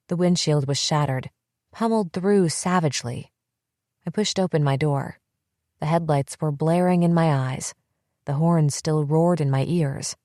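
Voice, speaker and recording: A woman reading a first-person psychological thriller audiobook in a tense, measured way on a close mic. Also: deep voice, warm tone, dry recording. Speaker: audiobook narrator.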